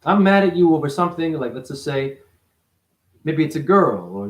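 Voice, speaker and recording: A man giving a rambling, profane spiritual monologue as a self-styled teacher, his voice jumping up and down in pitch. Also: expressive, fairly quick. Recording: echoey room.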